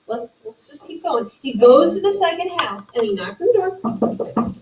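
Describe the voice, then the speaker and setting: A woman teacher telling children a story, animated and playful, acting out the characters. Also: sits high, normal speed, distant mic, faint music behind. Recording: echoey room, voice from afar, faint noise.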